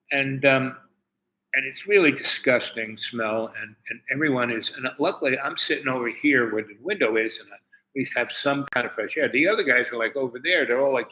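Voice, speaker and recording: Older male streamer, rambling and profane, bright forward voice. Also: mid-range voice, rough recording. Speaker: livestream host. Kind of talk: casual storytelling.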